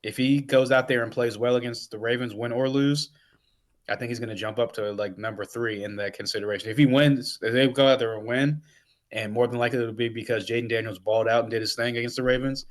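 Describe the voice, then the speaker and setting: A man with an ordinary mid-range voice rambles through his answers on a sports podcast. He fills his speech with "like"s and "um"s while he thinks out loud. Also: medium pitch, little pitch movement, fast talker. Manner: rambling, many "like"s and fillers. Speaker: podcast co-host. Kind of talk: casual sports talk.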